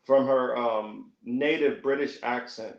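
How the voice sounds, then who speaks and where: A man's voice: medium pitch, fairly even intonation, takes it slowly, gravelly. A man talking as a podcast guest in casual chat, hesitant and earnest. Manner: hesitant, many fillers and restarts, earnest. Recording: echoey, dull lo-fi audio.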